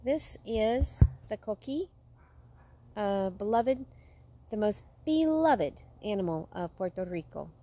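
A woman vlogging at home, talking in an earnest, heartfelt way that sometimes drifts soft and quiet. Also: medium pitch, expressive, takes it slowly, slight background noise. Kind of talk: casual vlog monologue. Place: home with a yard.

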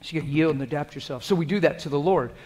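A man preaching a sermon in a colloquial, emphatic way, swinging between loud exhortation and hushed, prayerful talk. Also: on the high side, racing. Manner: colloquial and emphatic, repeating phrases.

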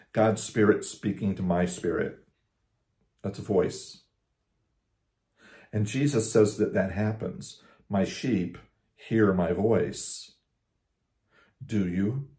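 A man with a lowish, mellow voice gives a casual devotional talk as a pastor. He talks conversationally, restarts his phrases and slows down to lean on scripture. The recording has a roomy echo. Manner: conversational, with frequent restarts and slow emphasis on scripture.

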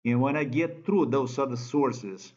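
A man with a Slovenian accent delivers an angry, profane monologue, his medium-pitched, darkish voice unhurried. He repeats himself in non-native phrasing, and the lo-fi recording sounds dull.

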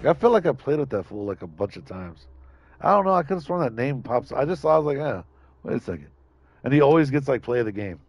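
Over soft background music, a man gives live commentary on a shooter game, swearing, trash-talking his opponents and yelling at enemies. He's a fast talker with a medium-pitched, sing-song voice.

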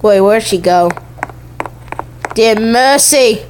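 High-voiced, unhurried excitable woman gamer. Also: a little hiss or hum. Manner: excitable, exclaims and repeats herself. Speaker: gaming YouTuber. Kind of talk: let's-play game commentary.

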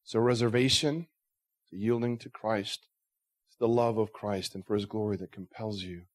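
A man's voice: lowish voice, fairly even intonation, moderate pace. A male pastor delivering a sermon, earnest and conversational, pressing his listeners with rhetorical questions. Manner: conversational asides.

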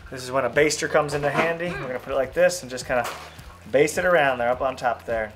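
Relaxed, chatty man cooking at home. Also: medium pitch, fast, music in the background. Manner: relaxed, chatty, explains each step. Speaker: family fishing channel host. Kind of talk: casual cooking vlog. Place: home kitchen.

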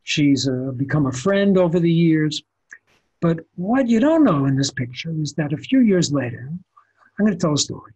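An older man, a photographer telling stories as an interview guest with animated restarts. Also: on the high side, normal speed, breathy edge, rough recording. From the Bronx, New York. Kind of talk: conversational storytelling interview.

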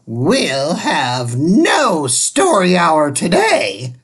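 A man voicing a harsh, strict woman substitute teacher who hisses and snaps slowly, in a picture book read-aloud. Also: fairly high pitch, huge pitch swings, fairly bright tone, husky, exaggerated voice. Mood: stern menacing. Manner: hissing, snapping, slow menace.

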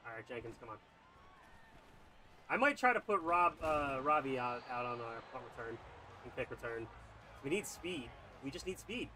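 This gaming YouTuber, a young man with a medium-pitched voice, narrates his football video game at normal speed, pausing often. His excitable commentary moves from quiet, muttered play-calling to frustrated eruptions, and slight background noise is audible.

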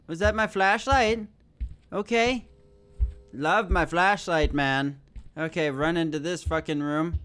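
A man's voice: on the high side, slow pace, a bit bright, clear, resonant tone. A young man commentating a horror game as he plays, swearing often and joking nervously. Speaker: gaming YouTuber.

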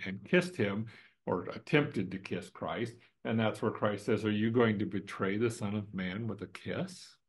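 Man with a lowish voice, Bible study teacher, casual and emphatic, keeps asking the room questions. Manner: conversational, emphatic, asks rhetorical questions.

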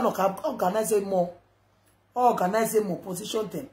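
A woman with a Nigerian accent ranting on a live video, loud and rambling, mixing Pidgin with local languages. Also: medium pitch, normal speed. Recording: echoey room with background noise.

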